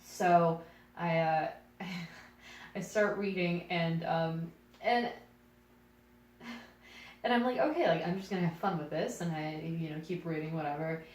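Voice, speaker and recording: A woman's voice: lowish voice, a little slow, long pauses. Young woman telling a self-deprecating story. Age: young adult. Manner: self-deprecating, animated, laughs often. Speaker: podcast co-host and actress. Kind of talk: casual storytelling. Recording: echoey room, voice far from mic, faint noise.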